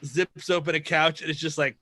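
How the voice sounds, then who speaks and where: A man co-hosting a comedy podcast riffs in exasperated jokes, in a high, very sharp, bright voice. The sound is dry and close-miked. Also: fairly even intonation, fairly quick, no room sound. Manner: exasperated, joking. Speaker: podcast co-host. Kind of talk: comedic riffing.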